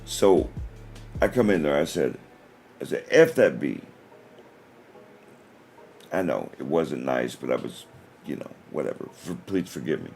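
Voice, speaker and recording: A man's voice: extremely low pitch, sing-song, moderate pace, vocal fry, darkish tone, faint music behind. A man, hosting a casual livestream and telling a story with many restarts. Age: 40s. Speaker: livestream host.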